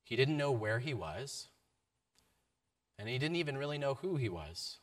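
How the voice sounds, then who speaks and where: A man giving a sermon, telling a story with varied emphasis and a mid-pitched voice. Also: sing-song, moderate pace. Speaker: preacher.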